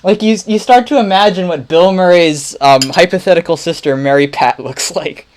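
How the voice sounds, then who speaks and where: A man's voice: sits high, moderate pace. A man casually thinking aloud while making music on a livestream, muttering, playful and rambling.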